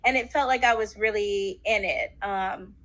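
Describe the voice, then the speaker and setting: A woman's voice: mid-range voice, normal speed, fairly bright tone, low-quality recording. A woman guest in an interview, telling her story casually and animatedly, acting out quotes with many fillers.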